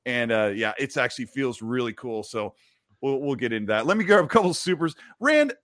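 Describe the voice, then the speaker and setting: A man's voice: mid-range voice, fast talker, a bit bright, dry recording, studio quality. A man hosting a live gaming show, chatting casually and reading viewer messages aloud. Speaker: host of a gaming stream show. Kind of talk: casual live-stream chat.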